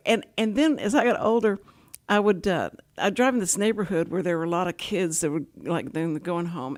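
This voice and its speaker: Chatty older woman host. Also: on the low side. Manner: chatty, rambling storyteller with many restarts. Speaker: talk show host. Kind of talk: casual talk show interview.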